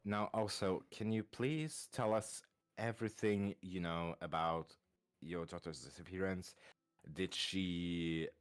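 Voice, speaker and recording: A man's voice: low voice, slow, clean tone. A man playing a tabletop role-playing game, asking formal questions in character. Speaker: player.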